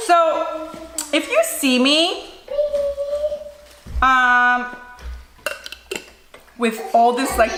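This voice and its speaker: A woman's voice: on the high side, very noisy. A woman, a mother, chatting casually and playfully during a mukbang vlog in her home kitchen. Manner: animated, playful and self-mocking. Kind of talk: casual chat while eating. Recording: echoey room with faint dish clatter.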